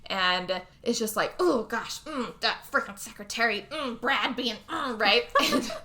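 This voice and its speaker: A woman co-hosting a podcast, telling a movie plot in a lively, casual way, acting out the characters' lines and laughing often. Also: mid-range voice. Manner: animated storyteller, acts out quotes, laughs often. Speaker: podcast co-host. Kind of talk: casual movie recap chat.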